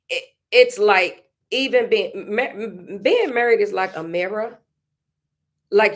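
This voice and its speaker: Slow, heartfelt woman talking casually. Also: medium pitch. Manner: conversational, slow, emotional, laughs often, repeats phrases. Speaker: podcast host. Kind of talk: casual reflective monologue.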